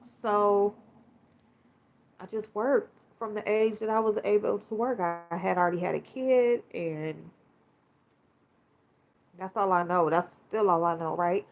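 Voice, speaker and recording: A woman's voice: medium pitch, unhurried, pauses often. A woman, hosting a podcast and talking candidly and emotionally, with plenty of swearing and fillers. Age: 40s. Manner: frank, profane, emotional, many fillers. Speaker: podcast host. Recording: slightly dull lo-fi sound.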